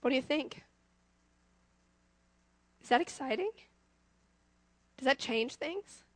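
Aussie woman giving a sermon, high pitched, keeps asking the crowd stuff, dry close mic. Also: takes it slowly, dry recording. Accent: Australian. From Australia. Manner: lively, talks directly to the congregation with questions. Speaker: preacher.

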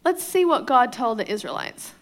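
Woman pastor, foreign accent, bright-ish voice, chatty sermon in an echoey hall. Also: a little high, very animated, normal speed. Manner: chatty, often checks in with the crowd, laughs easily. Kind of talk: conversational sermon.

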